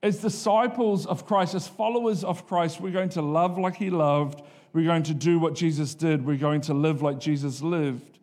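Storytelling male preacher, slightly high voice. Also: fairly even intonation, moderate pace, few pauses, a little mellow. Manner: conversational storytelling preaching, self-deprecating humour. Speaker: pastor. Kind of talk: sermon.

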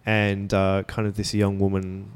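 Male guest critic, lowish voice, thoughtful, pauses to find words, live in a bookstore. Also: completely flat delivery, smooth. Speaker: podcast guest, media critic. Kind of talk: casual chat.

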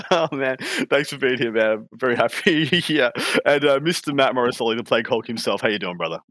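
A man's voice: mid-range voice, a little fast, a bit bright, no echo. A man with an Australian accent hosting a gaming podcast, chatty and rambling, often laughing. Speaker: podcast host. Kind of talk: casual chat.

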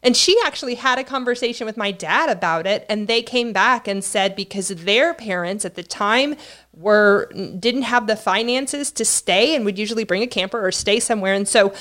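A middle-aged woman co-hosting a podcast, telling a family story at a measured, reflective pace. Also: medium pitch, a bit bright. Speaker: podcast co-host. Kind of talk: casual storytelling with her husband.

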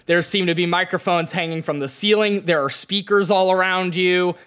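A man running a tabletop role-playing game, narrating scenes slowly and deliberately. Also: high-pitched, fairly even intonation, fairly bright tone, clean tone. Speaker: game master.

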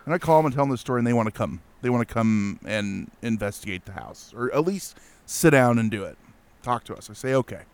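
A man casually telling a spooky personal story, animated and full of fillers and restarts. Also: medium pitch, quick pace, clean tone. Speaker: guest telling a ghost story.

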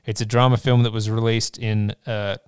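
A man's voice: on the low side, level tone, moderate pace, a little mellow, clean tone, dry recording, clean studio sound. A man hosting a casual movie podcast, steering the talk in an easygoing way. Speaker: podcast host.

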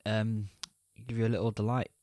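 A man's voice: lowish voice, flat delivery, a little fast, darkish tone, no room sound, studio quality. A man co-hosting a podcast, chatting casually in a wry, teasing way and reading a story aloud. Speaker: podcast co-host. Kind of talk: casual chat.

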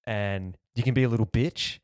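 An Australian man on a podcast, rambling casually with plenty of "like" and "you know". His voice sits fairly low and the sound is dry and close. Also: moderate pace, no room sound. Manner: rambling, lots of likes and you-knows. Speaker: podcast host. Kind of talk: casual chat.

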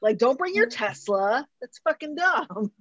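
A married woman joking dryly on a podcast, often trailing off softly. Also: a little high, sing-song, measured pace, highs cut off, slight background noise. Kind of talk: casual podcast chat.

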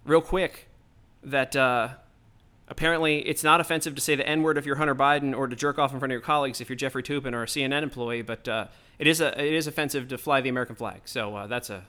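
A man's voice: mid-range voice, fairly even intonation, fast talker, pushed and bright. A man hosting his own podcast, delivering a heated, profane, rambling political rant straight into the mic. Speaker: podcast host.

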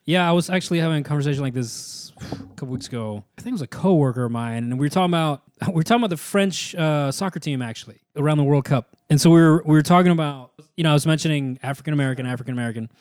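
A man's voice: a little high, racing, hardly any pauses, a little mellow, clear, resonant tone, dry recording. A man co-hosting a podcast, chatting about sports in a blunt, profane way with wry asides. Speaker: podcast co-host. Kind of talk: casual sports chat.

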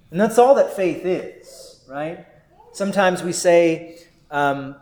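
Male pastor, slightly high voice, slow deliberate sermon delivery, reverberant hall sound. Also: darkish tone. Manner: measured, earnest preaching with rhetorical "right?".

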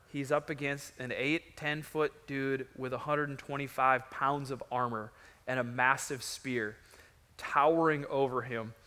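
A man preaching a sermon as pastor, telling a story in an animated way and acting out the quotes. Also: a little high, big-room sound.

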